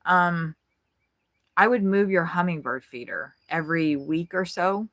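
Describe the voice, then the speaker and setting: A woman's voice: on the low side, a little slow, a bit bright, dry recording. A woman vlogger giving a rambling, frank tour of her RV, chatting casually and swearing freely. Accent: Midwestern American. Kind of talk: casual chat. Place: inside an RV.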